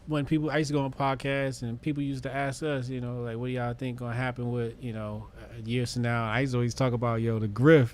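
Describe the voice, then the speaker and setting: A man co-hosting a podcast in casual chat, wry and drawling, trailing off quietly. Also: mid-range voice. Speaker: podcast co-host.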